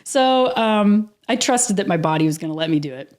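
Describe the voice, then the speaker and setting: Animated woman telling a vivid story. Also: mid-range voice, fairly quick. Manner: animated, vivid storytelling with frequent laughs and casual swearing. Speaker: podcast guest. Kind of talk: telling a personal story in a casual interview.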